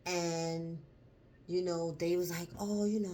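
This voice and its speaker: Slow-talking, low-voiced woman vlogging. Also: steady tone, mellow, a little hiss or hum. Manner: slow, emphatic and profane, lingers on words; emotional, choked up while telling a story. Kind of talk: casual spoken vlog chat.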